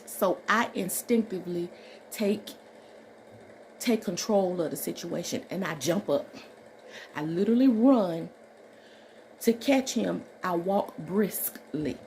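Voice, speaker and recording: A woman from Alabama, a registered nurse, telling a workplace story in an animated, emphatic way and acting out the dialogue. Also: lowish voice, slow pace, long pauses, a little hiss or hum. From Alabama, USA. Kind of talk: storytime vlog.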